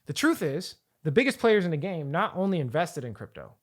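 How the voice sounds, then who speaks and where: A man coaching viewers on finance in an energetic, rambling talk to camera, often repeating and restarting his phrases. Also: a little high, brisk. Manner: energetic, rambling, hype-building. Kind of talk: hyped talk to camera with slides.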